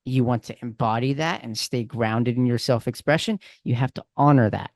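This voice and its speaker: Male coach, casual and animated, mid-pitched, dry close sound. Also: normal speed, no echo. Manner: casual, animated, talks with friendly slang. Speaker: communication coach. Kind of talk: coaching over a call.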